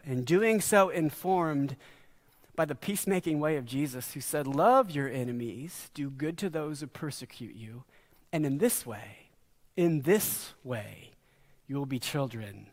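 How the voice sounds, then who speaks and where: A middle-aged man preaching a sermon as a pastor, earnest and dropping to quiet emphasis on key words. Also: mid-range voice.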